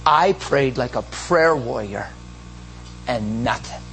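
A man's voice: medium pitch, lively intonation, slow pace, creaky, a bit bright, a little hiss or hum, rough recording. A man preaching a sermon in an emotional, emphatic storytelling manner. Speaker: pastor.

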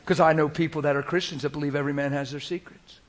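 A man preaching a sermon in an animated way, moving between loud acted quotes and hushed, whispered asides. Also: on the high side, fast.

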